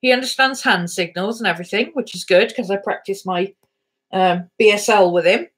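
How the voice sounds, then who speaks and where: A woman's voice: medium pitch, fairly quick, slightly rough. A woman chatting casually on a home vlog, fondly telling a story about her rescue dogs. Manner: chatty, fond, talks baby-talk to her dogs. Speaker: vlogger. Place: home, indoors.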